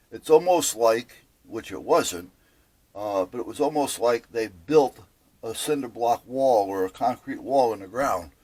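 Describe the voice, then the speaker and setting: An older man casually telling a long story, rambling with fillers and correcting himself as he goes. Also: medium pitch. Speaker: boat owner telling a story.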